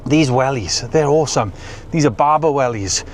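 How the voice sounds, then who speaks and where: A man vlogging casually to the camera on a windy coastal hill, chatty and excitable, exclaiming at the weather, talking into a clip-on microphone. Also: medium pitch, normal speed. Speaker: overland travel vlogger. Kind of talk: casual travel vlog talk to camera. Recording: outdoor recording with clear wind noise.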